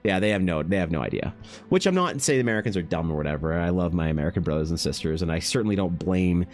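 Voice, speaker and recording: A man's voice: low voice, expressive, fast, soft background music. A man from Canada, chatting casually on his art livestream and rambling through a profane anecdote full of restarts. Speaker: artist streaming while drawing. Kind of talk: casual live-stream chat.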